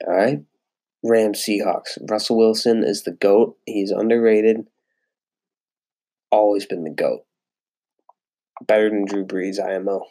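A young man with a gravelly, creaky voice talks through a casual solo sports podcast. He rambles, swears freely and fills gaps with "like" and "um". The sound is dry and close, with little room echo. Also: fairly low pitch, fairly even intonation, unhurried, long pauses, dark tone. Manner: rambling and profane, with frequent fillers. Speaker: podcast host.

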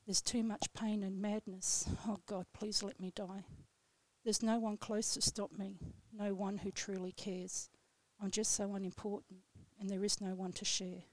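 This woman recites her own poem in a slow, solemn, measured way. Her voice sits in a middle pitch with very little rise and fall. The studio sound is dry and close. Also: little pitch movement, a little mellow, no room sound. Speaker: radio guest poet. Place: radio studio.

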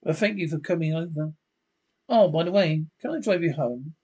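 A man's voice: fairly high pitch, moderate pace, mellow, breathy edge, highs cut off. A man voicing an older male judge in a radio-play reading, brusque and dismissive.

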